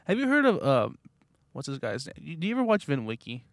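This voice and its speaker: A man's voice: on the high side, fast, dry recording. Young man telling a story, dry sound. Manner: animated storytelling, laughing often. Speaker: podcast co-host. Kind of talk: casual chat.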